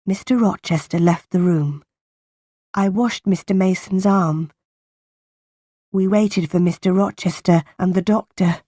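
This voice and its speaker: Slow, careful woman narrator, dry close mic. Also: mid-range voice, mellow, no room sound. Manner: slow, careful, clearly spaced reading for learners. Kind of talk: slow graded-reader storytelling.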